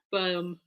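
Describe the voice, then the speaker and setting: A woman talking casually to her camera as a vlogger and fan, rambling and heartfelt, turning aside to talk to her dog. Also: dull audio.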